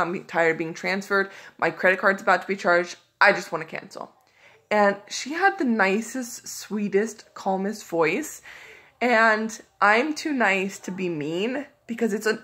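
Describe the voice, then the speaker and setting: A woman talks straight to her audience in a loose, conversational vlog style. Her voice sits at an ordinary middle pitch, and her frustration and exasperation come through as she retells what happened. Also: a bit bright. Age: adult. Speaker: vlogger. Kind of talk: casual storytelling to camera.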